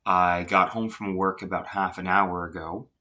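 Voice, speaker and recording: A man's voice: low voice, steady tone, moderate pace, bright, forceful tone. A tired man, a chef, giving casual, rambling commentary on a cooking video late at night.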